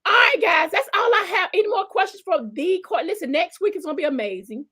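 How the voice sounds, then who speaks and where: On her live stream, this talk show host and church pastor from the American South reads viewer comments in a casual, animated, exclamatory way. Her voice is very high-pitched and she talks fast.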